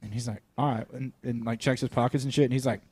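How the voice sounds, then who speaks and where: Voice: mid-range voice, fairly even intonation, quick pace, a little mellow, husky. A podcast co-host rambling through a funny story in casual chat, acting out the quotes. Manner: rambling, acts out quotes with laughter.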